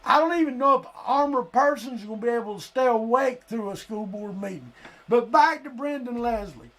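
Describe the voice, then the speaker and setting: A man from Florida, hosting a live stream and delivering a heated, blunt, profane political rant that sometimes breaks into shouting. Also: extremely high pitch, brisk. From Lee County, Florida.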